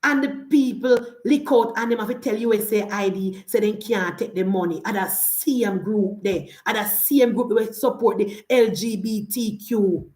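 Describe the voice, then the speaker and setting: A woman's voice: medium pitch, normal speed, hardly any pauses, darkish tone, reverberant. A Jamaican woman in her forties giving a fiery, opinionated political monologue, full of repeated lines and rhetorical questions. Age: 40s. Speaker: political commentator.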